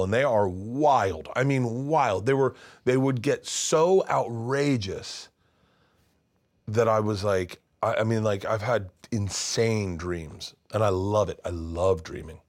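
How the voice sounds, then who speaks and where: A man with a low voice tells a rambling story in casual conversation. He restarts his sentences often and stumbles over words as he goes. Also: normal speed. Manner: rambling, animated, many restarts, acts out voices. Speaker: guest storyteller.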